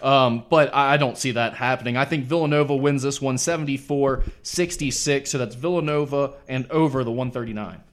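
A man's voice: mid-range voice, a little fast, few pauses. Young guy on a sports podcast, dry wry jokes, easygoing chat. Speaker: podcast guest, radio broadcaster.

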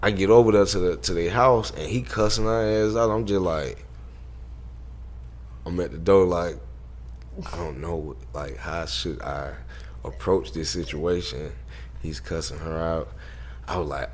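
A man telling animated, profane stories as an interview guest and acting out the people he quotes. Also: fairly low pitch, moderate pace. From Southern United States. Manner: profane, acts out quotes in voices. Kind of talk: animated storytelling.

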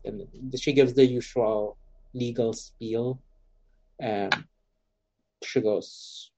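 A man's voice: mid-range voice, steady tone, extremely slow, pauses often, warm tone. A man narrating as game master of a tabletop game, hesitant with frequent ums. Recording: dull lo-fi sound with faint music.

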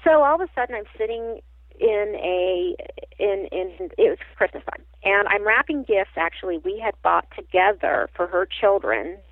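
A woman's voice: mid-range voice, no room sound. Woman telling a story over a tinny phone line. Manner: animated, halting, with frequent restarts. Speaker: psychic medium guest. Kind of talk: emotional personal storytelling.

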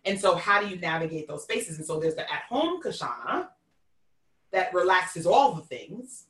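A woman from New York with a Queens accent hosting a live-streamed conversation. She is expressive and folksy, and she talks to her listeners as "y'all.". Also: lowish voice, normal speed, echoey room, far from the mic. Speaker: host.

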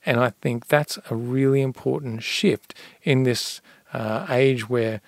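Gravelly man telling a calm parable. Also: medium pitch, measured pace, no echo. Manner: storytelling, repeats a refrain calmly. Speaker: guest expert on personal finance. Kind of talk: podcast talk, telling a parable then giving tips.

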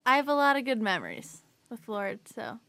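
A woman's voice: a little high, expressive, fairly quick, gravelly, bright, forceful tone, no echo. A young woman on a casual podcast, talking eagerly about new albums. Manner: enthusiastic about music. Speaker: podcast regular. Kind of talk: casual chat.

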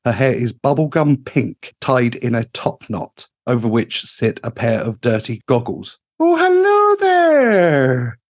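A man narrating a tabletop game as game master in a measured, descriptive way. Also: mid-range voice, a little mellow.

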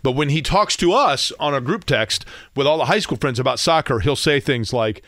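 A man's voice: medium pitch, expressive, moderate pace, fairly bright tone, no echo, clean studio sound. A man hosting a sports radio show, joking and rambling in casual banter, asking lots of questions.

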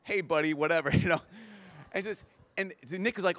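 His voice sits high and he talks at normal speed, pausing often. A priest at a big event, he gives a live conference talk full of stories, voicing the people in them and tripping into restarts when he gets excited.

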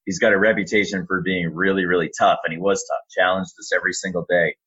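Man, deep husky voice, animated storyteller in an interview, slightly dull lo-fi sound. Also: fast talker. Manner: animated storyteller, lively, acts out quotes. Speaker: arena public address announcer.

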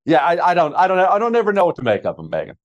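A man appearing as a guest commentator on a talk show, wry and plain-spoken with halting restarts. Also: sits high, wildly swooping pitch, lo-fi sound.

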